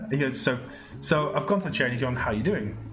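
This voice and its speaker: A man from England with a British accent tells a long, rambling story, tripping over his words and laughing as he goes. The recording sounds roomy, and music plays clearly in the background. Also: mid-range voice, fairly even intonation, brisk. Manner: rambling storyteller, laughs often, many restarts. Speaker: podcast co-host. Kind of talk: casual podcast chat.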